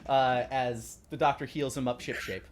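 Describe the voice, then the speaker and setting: A man's voice: medium pitch, steady tone, moderate pace, a little hiss or hum. A man narrating a tabletop pirate game as game master, loose and hesitant with many fillers.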